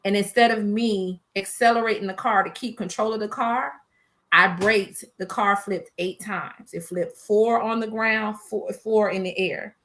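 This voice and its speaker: A woman in her forties, a small business owner, telling a personal story in a casual interview, animated and emotional, quoting herself and laughing between hard memories. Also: medium pitch, measured pace. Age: 40s.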